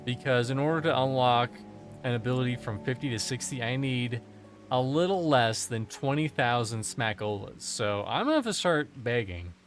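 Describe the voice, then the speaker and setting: A man's voice: medium pitch, expressive, moderate pace, faint music behind. A man streaming a video game, chatting casually and rambling with jokes and swearing. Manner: joking, profane, rambling. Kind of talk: casual gameplay commentary.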